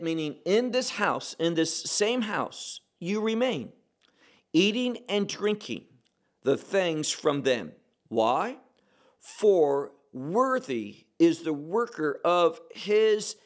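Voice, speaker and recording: A man's voice: a little high, big pitch swings, takes it slowly. A male Bible teacher working through a passage verse by verse. He speaks unhurriedly in a slightly raised voice. He often poses a question and then answers it himself. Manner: emphatic, repeats key words, asks and answers his own questions.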